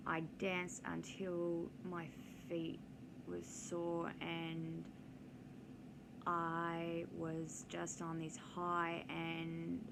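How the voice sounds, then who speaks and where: A woman chats casually for her vlog, drifting from one story to the next. Her voice sits a little low, with a gravelly fry, and she takes her time. A steady hiss of noise runs under the recording. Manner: rambling, digressive, with many ums. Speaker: vlogger. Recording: noisy background hiss.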